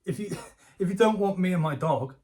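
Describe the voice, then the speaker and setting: A man's voice: sits high, lively intonation, normal speed, mellow. A man giving casual, jokey commentary from home as a YouTuber, rambling and laughing often. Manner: chatty, jokey, self-deprecating, laughs often. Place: home room.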